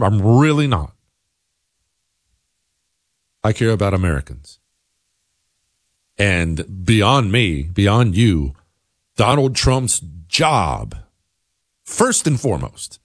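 A man's voice: medium pitch, dry recording, studio quality. A man hosting a political commentary show, talking in an emphatic, insistent, conversational monologue.

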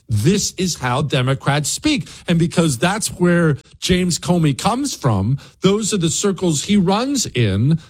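A man's voice: on the high side, big pitch swings, slow, few pauses, husky. A man hosting a talk show, delivering an emphatic, sarcastic opinion monologue. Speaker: radio show host.

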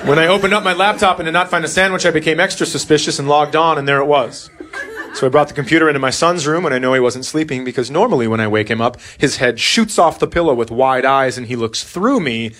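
A man in his forties telling a stand-up story about his son, dry and deadpan. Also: a little high, quick pace, slight background noise. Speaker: stand-up comedian. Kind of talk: stand-up comedy set. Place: comedy club stage. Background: audience laughing.

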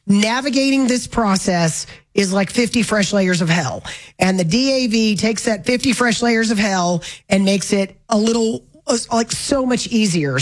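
A woman hosting a talk radio show, chatting briskly and correcting herself mid-sentence. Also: mid-range voice, low-quality recording. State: hiccups. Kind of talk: casual talk radio chat.

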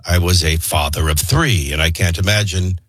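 A middle-aged man with a low, husky, fairly bright voice hosts a morning talk radio show at a moderate pace. Recorded on a studio microphone at studio quality with no room sound, he delivers opinionated news commentary conversationally, with many fillers.

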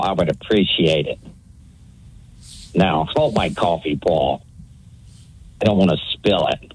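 A man's voice: sits low, breathy edge, poor audio. A man calling in to a sports radio show, ranting and taunting in a bombastic way. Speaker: caller. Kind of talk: call-in radio rant.

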